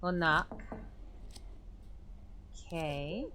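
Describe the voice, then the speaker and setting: A young woman streaming a game, chatting and thinking aloud, with sudden excited outbursts. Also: sits low, drawn-out words, a little hiss or hum. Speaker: gaming streamer. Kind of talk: let's play commentary.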